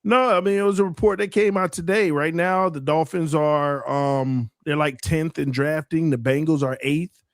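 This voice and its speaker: A man's voice: a little high, steady tone, moderate pace, no room sound, studio quality. A man talking football on a casual sports roundtable, defending his team between bursts of laughter. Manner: laughing, defensive, playful teasing. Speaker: co-host, Dolphins fan.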